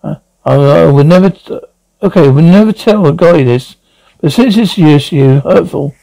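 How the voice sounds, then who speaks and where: A man voicing an excitable cartoon character in animated series dialogue. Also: fairly high pitch, moderate pace, creaky, no room sound, poor audio.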